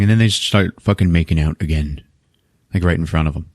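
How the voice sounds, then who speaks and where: A man's voice: low-pitched, expressive, normal speed, a little mellow, no room sound, clean studio sound. A man casually retelling a movie plot on a podcast, swearing freely, laughing often and acting out the characters' lines. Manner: profane, laughing, acts out characters. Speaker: podcast host.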